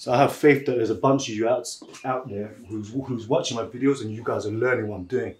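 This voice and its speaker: A man's voice: medium pitch, steady tone, brisk, darkish tone. Laid-back man in an echoey room. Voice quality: laid-back, chuckles often, says "man". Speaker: massage therapist. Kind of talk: casual chat and storytelling. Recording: roomy echo.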